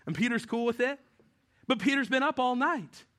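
A man's voice: very high voice, normal speed, a bit bright. A man in his forties, originally from New Mexico, preaching a casual, conversational sermon with jokes, often acting out the voices he quotes. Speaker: pastor.

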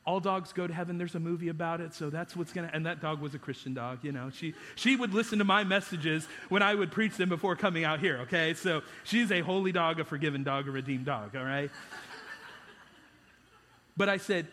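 A man's voice: a little high, fairly quick, sharp tone, in a large hall, slight background noise. A man preaching a sermon as pastor, conversational and self-deprecating, often restarting his sentences.

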